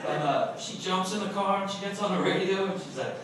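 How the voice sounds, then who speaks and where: A man doing loud profane stand-up in an echoey bar. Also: high voice, fairly quick. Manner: loud, profane, rambling anecdotes. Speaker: stand-up comic. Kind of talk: open-mic stand-up storytelling. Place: bar at an open mic night. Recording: echoey bar taped from far off, crowd noise.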